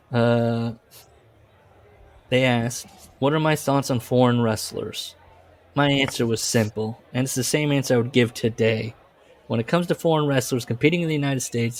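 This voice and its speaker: A man co-hosting a podcast, reading book passages aloud and breaking into laughing asides. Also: medium pitch. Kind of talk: casual chat, reading aloud.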